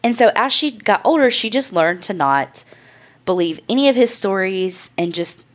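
A woman's voice: mid-range voice, animated, moderate pace. A woman hosting a podcast, telling a true crime story in a casual, chatty way, loose and profane with lots of "like" and "I mean". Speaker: podcast host.

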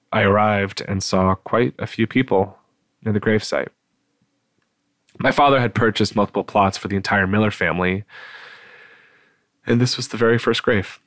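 An older man narrating a painful personal memory in a quiet, measured way. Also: lowish voice, dry recording. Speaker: storyteller.

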